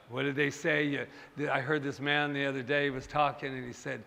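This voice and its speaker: Bright-voiced male minister preaching. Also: medium pitch, flat delivery, moderate pace, gravelly. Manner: conversational and self-deprecating, talks straight to the congregation. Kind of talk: sermon. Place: church sanctuary. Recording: long hall reverb.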